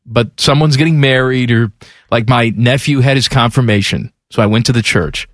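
A man's voice: medium pitch, normal speed, dry recording, clean studio sound. A man in his forties hosting a sports radio show, with casual, irreverent, wisecracking banter. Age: 40s. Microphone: studio microphone.

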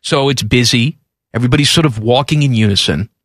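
A male radio host telling a story in a lively, emphatic, exasperated way in a studio. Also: mid-range voice, fast, dry recording. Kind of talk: animated storytelling on talk radio.

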